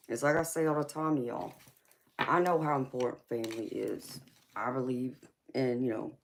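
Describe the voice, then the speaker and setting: A woman running a tarot livestream is tired from little sleep but chats affectionately with viewers, calling them honey and girlfriend. Her voice is bass-low and a little mellow, and the talk is casual.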